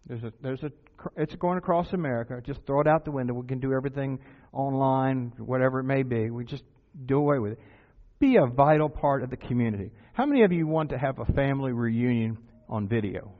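A man's voice: mid-range voice, expressive, brisk, few pauses. A man preaching a sermon to his congregation as its pastor, urging them on with earnest repeated exhortations and rhetorical questions. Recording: tinny phone-like sound with faint music.

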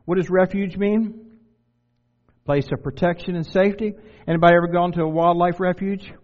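A man's voice: sits high, steady tone, normal speed, long reverb tail, lo-fi sound. A man from Delaware preaching a sermon in a conversational way, putting questions to his listeners and adding self-deprecating humor. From Delaware, USA.

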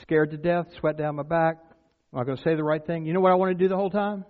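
A man's voice: on the high side, steady tone, fast. A man preaching a sermon, telling stories and then building to emphatic points. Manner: storytelling, rises to emphatic exclamations. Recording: tinny phone-like sound.

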